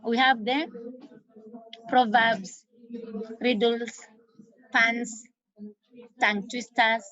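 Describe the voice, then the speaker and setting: Slow, emphatic Kenyan woman teacher. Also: on the high side, fairly even intonation, bright, forceful tone. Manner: repeats key terms slowly for emphasis. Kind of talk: exam revision lesson. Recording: dull lo-fi recording.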